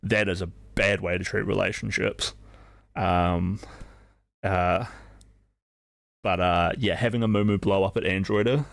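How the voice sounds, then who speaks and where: Speaking a little slowly with vocal fry and long pauses, this young male live streamer has a low, steady voice. He tells his story casually in a rambling, filler-heavy, freely profane way, captured in a dry, studio-quality recording.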